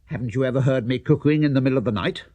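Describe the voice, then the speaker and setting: A man's voice: medium pitch, racing, darkish tone, no echo, lightly acted. A man voicing a flustered, overworked cuckoo who lives in a clock, talking in a fussy, anxious hurry.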